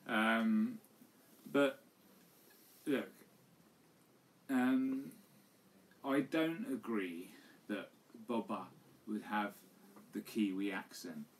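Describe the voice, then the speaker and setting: A man's voice: fairly low pitch, extremely slow, pauses often. A man co-hosting a casual, tipsy podcast chat, rambling with lots of fillers and some swearing. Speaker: podcast co-host. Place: home live stream. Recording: distant mic with faint room noise.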